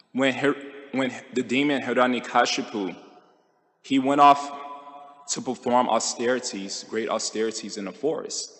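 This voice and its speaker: A man giving a conversational scripture class, telling stories with jokes and quick asides to the audience. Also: mid-range voice, fairly bright tone, long reverb tail. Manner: conversational, joking, quick mock impressions. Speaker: temple speaker.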